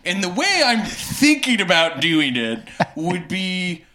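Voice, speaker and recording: Pompous vampire count guy, as a man puts him on, overly formal, slow and bright. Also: sits high, very animated, exaggerated voice. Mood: mock grandiose. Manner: overly formal, drawn-out mock villain speech.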